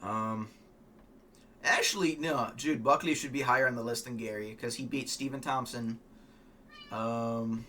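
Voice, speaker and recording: Male vlogger, casual fight talk, opinionated and profane, tense bright tone. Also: medium pitch, normal speed, slight background noise. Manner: rambling, opinionated, swears, frequent ums. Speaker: MMA fan vlogger.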